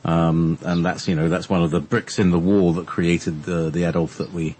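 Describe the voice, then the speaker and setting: Husky, rambling man co-hosting. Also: moderate pace. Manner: rambling, animated pitch swings. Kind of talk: casual talk show chat.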